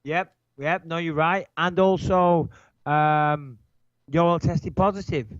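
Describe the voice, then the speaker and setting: A man with a nasal Manchester-area English accent, co-hosting a podcast in brash, swearing, animated banter. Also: a little high, takes it slowly, no room sound, lo-fi sound. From England. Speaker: podcast co-host.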